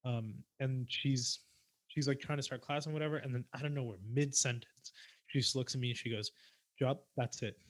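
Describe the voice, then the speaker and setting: Young man, casual podcast chat, animated storytelling, dry close mic. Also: medium pitch, a little fast, no room sound. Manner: animated storytelling, swings from mumbling to loud outbursts. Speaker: podcast co-host.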